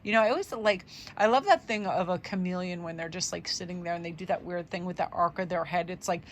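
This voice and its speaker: A woman's voice: on the low side, fast, slight background noise. A woman doing a casual tarot vlog, chatty and upbeat, rambling with fillers through affirmations, her voice a little tired. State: voice tiring. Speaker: tarot reader.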